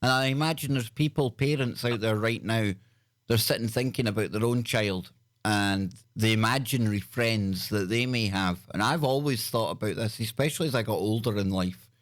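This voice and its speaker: A man's voice: lowish voice, moderate pace, no echo, studio quality. A Scottish man hosting a call-in radio show, chatting with callers in a chummy way, calling them brother and dude. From Scotland. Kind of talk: casual call-in radio chat.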